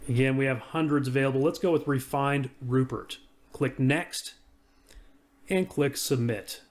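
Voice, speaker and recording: Casual man narrating a software demo. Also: medium pitch, a little slow. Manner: casual, talks through each click. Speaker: software reviewer. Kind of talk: screen-recorded software walkthrough.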